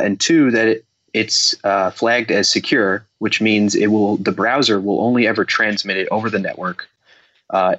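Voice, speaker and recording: A man's voice: on the low side, fairly bright tone, lo-fi sound. A man on a video call, chatting casually about his work, rambling and self-deprecating. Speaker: guest security developer. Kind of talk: casual podcast discussion.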